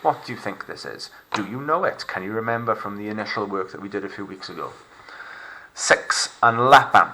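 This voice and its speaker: Bright-voiced Welsh teacher. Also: male voice, lowish voice, lively intonation, a little hiss or hum. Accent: Welsh English. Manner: slow, clear modelling of words for repetition. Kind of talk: recorded remote lesson.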